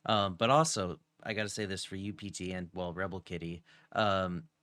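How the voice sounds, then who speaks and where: Low-voiced man, dry close sound. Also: fairly even intonation, moderate pace, bright, forceful tone, dry recording. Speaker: streamer host interviewing a guest. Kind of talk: casual chat.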